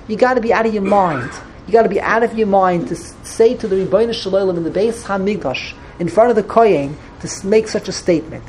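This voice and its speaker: A woman teaching a Torah lecture in an animated way, often stammering and restarting when excited, and dropping in many Hebrew and Yiddish terms. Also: medium pitch, brisk, a little hiss or hum.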